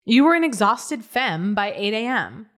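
A woman co-hosting a podcast, chatting casually with playful teasing and quick reactions. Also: fairly high pitch, sing-song, fairly bright tone. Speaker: podcast co-host. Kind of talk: casual chat.

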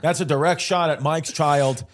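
A brash man trading jokes on a comedy podcast, his voice sitting a little higher than most men's. He talks in loose, casual banter and likes to tease. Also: steady tone, moderate pace. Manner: brash, joking, mocking banter. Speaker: podcast co-host.

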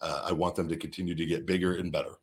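Answering viewer questions on an unscripted livestream, a middle-aged host swings from heated, profane rants to calm, rambling advice, frequently repeating words and starting over. His voice is deep with a breathy edge, and he races along.

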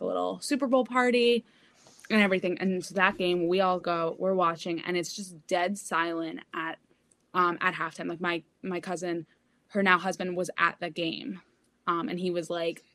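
A woman's voice: on the low side, fairly bright tone, dry recording. A young woman co-hosting a casual sports podcast, telling a family story in a chatty way. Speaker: podcast co-host.

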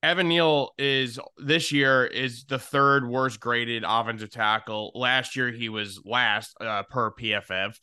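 A man with a very bright, sharp voice vents bluntly about a sports team on a casual podcast. His tone is smooth and resonant. He is recorded close up, with a dry sound. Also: medium pitch, fairly even intonation, slow pace, few pauses, no room sound. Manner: exasperated, blunt criticism. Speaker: podcast co-host.

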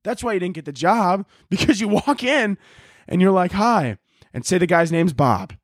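A man's voice: sits high, lively intonation, normal speed, dry recording, clean studio sound. A man hosting a comedy podcast, delivering a profane, exasperated comedic rant. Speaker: podcast host. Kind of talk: ranting comedic monologue.

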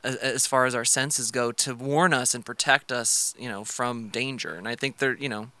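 A man's voice: mid-range voice, steady tone, moderate pace, sharp tone, dry recording. A man co-hosting a casual podcast, rambling with lots of fillers and swearing. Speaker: podcast co-host. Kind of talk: casual chat.

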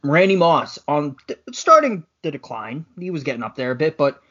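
A man's voice: on the high side, big pitch swings, moderate pace, a bit bright. A man co-hosting a casual sports podcast, petty and joking as he imagines himself running a team. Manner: petty, joking, role-plays as a general manager. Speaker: podcast co-host. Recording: dull lo-fi podcast audio.

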